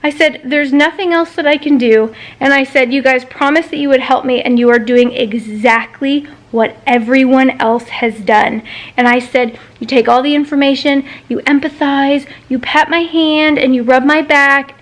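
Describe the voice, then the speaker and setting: A woman in her thirties vents straight to camera in a high, bright-pitched voice. She retells a maddening phone call with mounting exasperation, swearing freely as she goes. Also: fairly even intonation, normal speed. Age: 30s. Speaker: vlogger. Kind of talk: ranting personal vlog.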